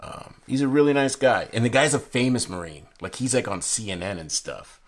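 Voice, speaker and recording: A young man chats brisk and animated in a medium-pitched voice while reviewing playing cards. His casual unboxing talk drifts from story to story, peppered with fillers and restarts.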